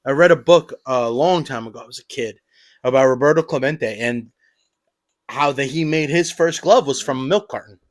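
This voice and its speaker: A man's voice: mid-range voice, normal speed. A man co-hosting a podcast in casual, swearing chat with a buddy, laughing often. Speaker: podcast co-host.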